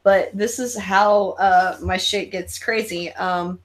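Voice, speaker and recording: A young woman hosting a live stream, telling stories in an excitable, swearing, animated way. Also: medium pitch, takes it slowly. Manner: excitable, swearing, animated storytelling with acted-out quotes. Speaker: host. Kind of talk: casual live-stream chat.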